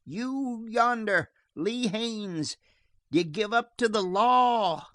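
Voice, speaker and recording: A man voicing a shrill, eager frontier sheriff who shouts his challenges across the mountains. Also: big pitch swings, slow pace, no echo, clean studio sound, exaggerated voice. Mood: shouting challenge. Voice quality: shrill, carrying calls. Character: shrill-voiced methodical sheriff, eager and hungry.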